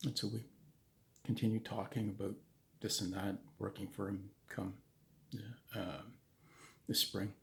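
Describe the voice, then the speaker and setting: A man's voice: on the low side, level tone, unhurried, gravelly, pauses often. A man telling a true story in a casual, conversational way, with restarts and asides.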